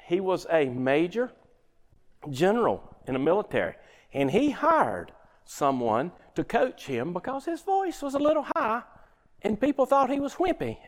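A middle-aged man gives a motivational workplace talk in a folksy, story-driven way, often turning to the audience with questions. His voice sits a touch high and swings widely in pitch. A long hall reverb trails after his words. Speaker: workshop speaker.

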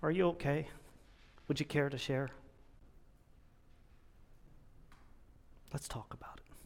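A man voicing a gentle, caring male bear in whispered role-play, soft and kind. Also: a little high, steady tone, slow pace, slight background noise. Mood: tender.

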